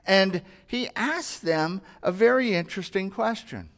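A man's voice: high-pitched, animated, a little slow. A man preaching a sermon as a pastor, earnest and conversational, asking his listeners rhetorical questions. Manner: earnest, conversational, acts out everyday dialogue and asks rhetorical questions.

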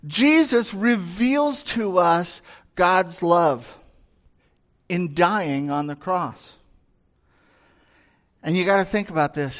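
A man preaching a sermon in a high voice, with a slow, unhurried delivery. He talks to the congregation conversationally, acts out quoted voices and builds to near-shouts at his peaks. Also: big pitch swings. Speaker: pastor.

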